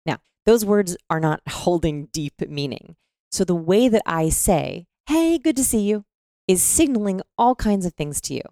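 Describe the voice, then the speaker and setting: Low-voiced woman with gravelly fry. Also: moderate pace, dry recording, clean studio sound. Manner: animated, demonstrates voices mid-explanation. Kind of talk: conversational explaining on a podcast.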